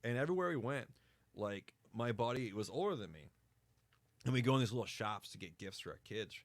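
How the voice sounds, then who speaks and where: A man's voice: mid-range voice, brisk, dry recording. A man hosting a podcast, telling a rambling story full of swearing and laughter. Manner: profane, animated storyteller who laughs often. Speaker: podcast host. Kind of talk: casual storytelling chat.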